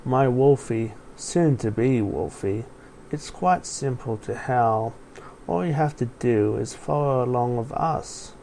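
Man reading as a calm wolf-man pack leader, gravelly, dark, slow and hypnotic for an audio story. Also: medium pitch, a little hiss or hum. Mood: soothing. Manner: slow, soft, soothing and hypnotic.

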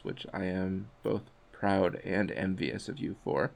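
A man who voices audio scripts, chatting casually on a podcast in a slow, teasing way. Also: low-pitched, gravelly. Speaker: voice actor.

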